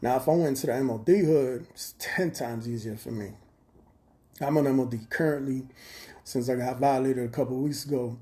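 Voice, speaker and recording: A man talks straight into his phone on a livestream. His voice is mellow and dark-toned. He rambles bluntly and swears freely in a streetwise way. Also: medium pitch, normal speed. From Chicago. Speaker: livestream host. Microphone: phone camera.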